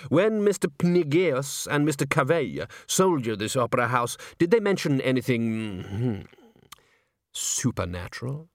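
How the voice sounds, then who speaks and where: A cool, unsmiling theatre manager, put on by a male narrator, speaking slowly and precisely with a dry edge. Each phrase is measured and deliberate, recorded close and dry. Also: medium pitch, very animated, dry recording. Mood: sly.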